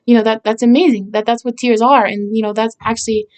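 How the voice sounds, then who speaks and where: A woman's voice: a little high, flat delivery, quick pace, a little mellow. Hesitant, reflective woman songwriter. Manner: hesitant and searching, with many fillers and restarts; reflective and earnest, with short laughs. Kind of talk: casual talk about her own song.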